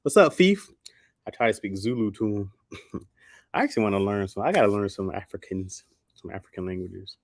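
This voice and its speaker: Low-voiced man, slangy stream chat. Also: steady tone, brisk, dry recording, clean studio sound. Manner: rambling and slangy, laughs a lot. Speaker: livestream host. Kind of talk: casual chat with viewers.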